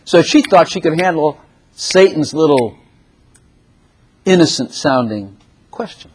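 Animated, breathy-voiced male preacher. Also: fairly high pitch, a little slow. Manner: animated, laughing, acts out voices of figures. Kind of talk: sermon.

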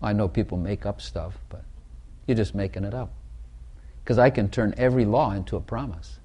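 A man's voice: fairly low pitch, moderate pace, warm tone, slightly rough. A man preaching an informal sermon, talking conversationally, repeating phrases and putting questions to his listeners.

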